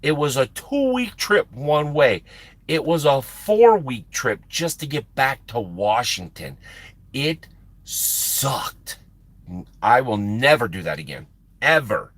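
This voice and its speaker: A man's voice: medium pitch, sing-song, measured pace, fairly bright tone, dry recording. A man, a truck driver chatting casually with his livestream viewers, rambling and repeating words for emphasis. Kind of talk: casual chat with stream viewers.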